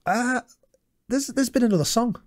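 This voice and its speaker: A man's voice: very high voice, normal speed. A man co-hosting a comedy podcast, chatting hesitantly and reading a mock-reverent parable in a grand, solemn tone. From England. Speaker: comedian co-host. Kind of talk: comic podcast chat and mock-solemn storytelling.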